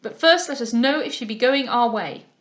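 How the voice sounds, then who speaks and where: A woman voicing a surly, prejudiced English captain who speaks bluntly and gruffly. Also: on the high side, moderate pace, fairly bright tone, natural voice.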